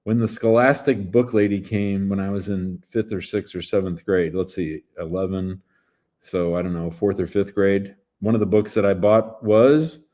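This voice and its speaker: A man's voice: sits low, steady tone, normal speed, mellow. A man in his fifties, an immigration lawyer hosting a casual livestream show, talking in a playful, chatty way that jumps between topics.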